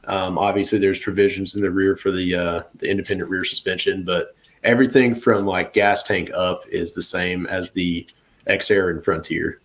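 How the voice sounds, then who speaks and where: A young man with a very deep voice talks shop from his home garage, walking through his project with a tinkerer's enthusiasm. The delivery is casual and conversational. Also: little pitch movement, normal speed. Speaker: guest. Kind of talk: casual chat.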